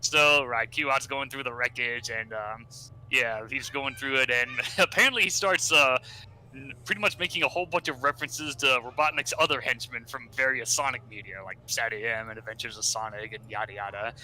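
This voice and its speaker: A man casually recapping a comic story on a podcast, rambling and laughing often, with brief squeaky character voices. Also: brisk, bright, forceful tone, a little hiss or hum, poor audio. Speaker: podcast co-host summarizing a comic.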